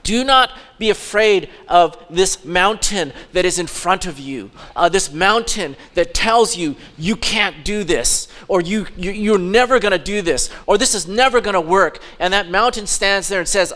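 A man preaching a sermon as pastor, fervent and urgent, dropping into soft mocking asides. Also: high-pitched, animated, normal speed, few pauses.

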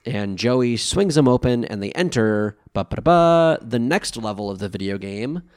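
Animated, wry man recapping with flair. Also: on the low side, normal speed. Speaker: podcast co-host recapping an anime. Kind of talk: casual chat.

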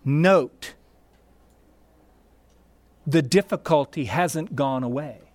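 A man delivers a sermon in a high voice. He speaks slowly and emphatically, breaking his points into short phrases and repeating key words with deliberate pauses. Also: a little mellow. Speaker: pastor.

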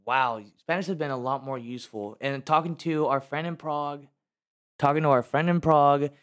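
A man's voice: a little high, normal speed, a bit bright. Laid-back American male guest, thoughtful and reflective, drifts off mid-sentence. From United States. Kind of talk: casual chat.

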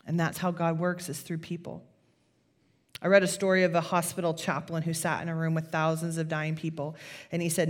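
A woman pastor, preaching a sermon in a conversational, animated storytelling way. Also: lowish voice, moderate pace.

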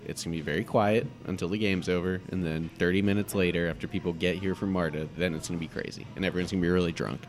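Deep-voiced wry young host. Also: male voice, steady tone, soft background music. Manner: wry, quick with teasing one-liners. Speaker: podcast host. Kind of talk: casual chat.

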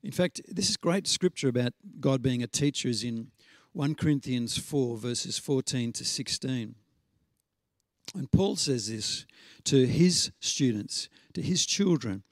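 A man preaching a sermon in a conversational storytelling way, slowing down to stress scripture references. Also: mid-range voice, expressive, no echo, clean studio sound. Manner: conversational storytelling with frequent fillers and restarts.

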